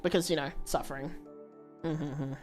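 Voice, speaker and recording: A woman with a low voice rambling casually to her viewers during a livestream, with fillers and laughs. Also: fairly even intonation, moderate pace, darkish tone, faint music behind. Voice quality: low-pitched voice.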